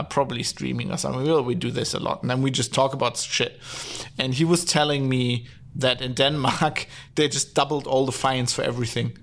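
Gravelly-voiced male podcast host, rambling. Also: mid-range voice, a bit bright. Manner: rambling, many fillers and restarts, sardonic. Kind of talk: casual solo podcast talk. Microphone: podcast mic, streamed live.

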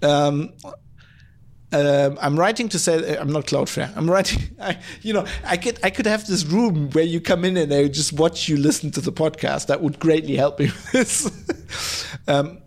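A man hosting his own podcast in a casual, rambling, profane way, hoarse from hay fever, with many fillers and restarts. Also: on the high side, moderate pace. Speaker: podcast host. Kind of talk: casual solo podcast, reading listener mail. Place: at home, lives in Germany.

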